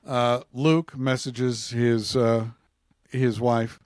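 A man's voice: medium pitch, normal speed, no room sound, studio quality. A man co-hosting a casual podcast chat, laughing often as he reads out jokes. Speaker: podcast co-host.

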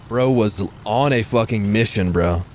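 A man with a Californian accent chats through a live gameplay stream, wry and joking, often breaking into laughter. His voice sits a little low. A faint hiss of background noise stays under him. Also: darkish tone. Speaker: game streamer. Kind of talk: casual live gameplay commentary.

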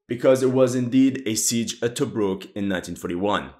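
Animated man reacting to a war game. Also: medium pitch, normal speed. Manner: animated, exclaiming and laughing, often incredulous. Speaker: amateur historian reacting to a video game. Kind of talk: reaction commentary.

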